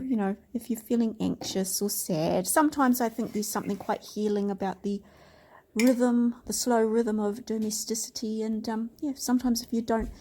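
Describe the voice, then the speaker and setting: A woman speaking gently and half-whispered over a baking scene. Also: medium pitch. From New Zealand. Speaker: vlogger. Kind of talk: soft-spoken baking voice-over.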